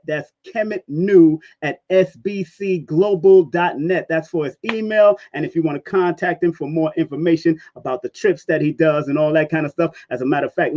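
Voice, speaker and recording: Hyped-up high-voiced man hosting a livestream. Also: muffled recording. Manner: hype, playful shout-outs with sound effects. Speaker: livestream host. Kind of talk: casual live-stream chat. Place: Brooklyn, New York.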